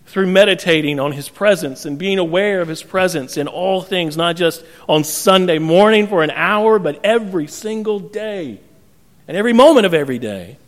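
A man preaching a sermon, retelling a scripture story with lively, animated storytelling and ending in earnest appeals. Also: high-pitched, moderate pace, big-room sound. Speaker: pastor.

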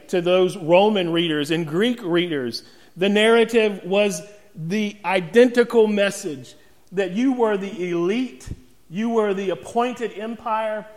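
A man preaching a sermon with emphatic delivery, dramatic pauses and rhetorical questions. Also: high-pitched, in a large hall. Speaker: pastor.

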